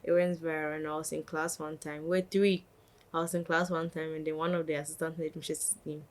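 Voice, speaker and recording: Young woman, somewhat low voice, animated storytelling, podcast guest. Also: a little fast. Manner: animated, acts out quotes of others. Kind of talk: casual storytelling.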